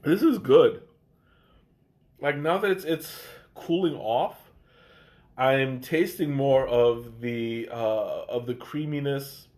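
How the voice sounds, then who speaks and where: Slow, hesitant man, congested. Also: mid-range voice, darkish tone. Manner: slow, hesitant, many fillers and restarts. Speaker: livestream tea taster. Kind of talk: casual live stream chat.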